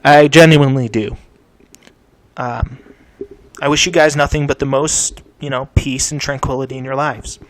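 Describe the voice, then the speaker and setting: A young man hosting a gaming channel, ranting angrily and swearing, swinging from low mutters to shouts, his mouth sore. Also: steady tone, normal speed. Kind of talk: angry vent to camera.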